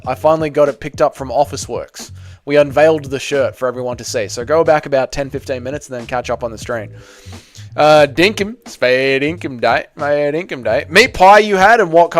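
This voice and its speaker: An Australian man hosting a livestream, casually reading out viewer comments and answering them with teasing banter. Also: on the high side. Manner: joking, bantering, teasing chatters. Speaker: livestream host.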